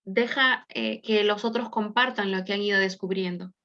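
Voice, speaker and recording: A woman's voice: medium pitch, steady tone, a little fast. Woman interpreting over dull call audio. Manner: careful phrasing with small hesitations. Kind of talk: consecutive interpretation. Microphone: video call.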